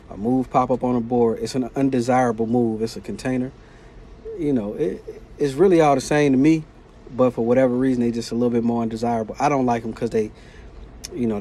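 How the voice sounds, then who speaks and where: Mellow-voiced man telling a story casually. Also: mid-range voice, slight background noise. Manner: animated, slangy retelling of a work conflict. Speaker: vlogger.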